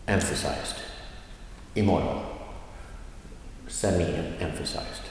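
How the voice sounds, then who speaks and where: A man teaching a language lesson, explaining slowly with many fillers and repeating example phrases aloud. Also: fairly low pitch, animated, darkish tone. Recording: echoey room with long reverb.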